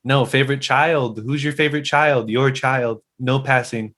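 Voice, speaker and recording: A young man co-hosting a casual podcast, asking quick questions in a playful, teasing way. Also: medium pitch, fairly even intonation, fairly bright tone. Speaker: podcast co-host.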